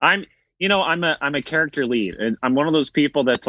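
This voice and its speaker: A man from Tennessee with a Southern accent, a guest actor talking in a wry, self-deprecating way with drawn-out pauses. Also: fairly high pitch, lively intonation, sharp tone, no echo, dull audio. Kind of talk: casual video interview.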